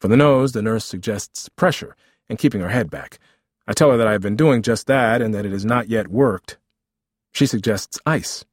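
A man's voice: fairly low pitch, normal speed, husky, dry recording, studio quality. A man reading a memoir aloud as narrator, with a wry, vivid storytelling manner.

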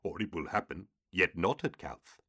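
Brief: male narrator doing a cryptic old two-headed demon oracle, deep low hiss, dry studio. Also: expressive, sharp tone, slightly rough, no echo, full character voice. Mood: ominous. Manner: hissing, low and measured. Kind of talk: audiobook character voice.

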